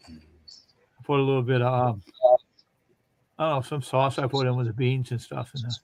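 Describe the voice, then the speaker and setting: A man's voice: mid-range voice, steady tone, normal speed, dry recording. A man casually telling long, rambling funny stories on a livestream and laughing as he goes. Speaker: livestream host. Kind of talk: casual storytelling chat.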